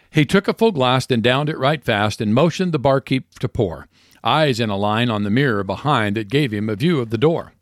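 A man's voice: mid-range voice, expressive, normal speed, no room sound. Man reciting cowboy poetry, dry studio. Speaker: radio host.

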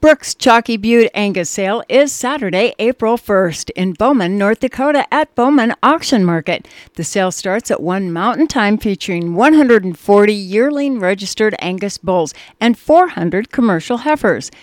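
A woman co-hosting a radio show, reading ads in an upbeat, brisk manner. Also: medium pitch, lively intonation, no room sound, clean studio sound. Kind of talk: radio ad reads.

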